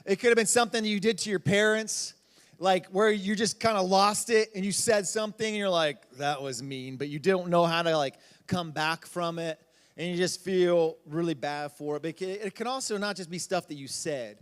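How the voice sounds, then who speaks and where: A man's voice: high-pitched, normal speed, smooth. A young man giving a casual youth group talk, telling stories with lots of fillers. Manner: animated storytelling with lots of fillers. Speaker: youth pastor. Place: church hall. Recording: long hall reverb.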